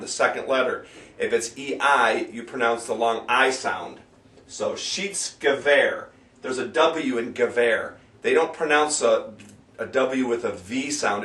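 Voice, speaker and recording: A man's voice: mid-range voice, a bit bright, reverberant, recorded from a distance. Man patiently spelling out song lyrics. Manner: slow, careful enunciation of foreign words, stops to correct himself. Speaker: sing-along leader teaching a German bar song. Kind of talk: casual spoken lesson with sung examples.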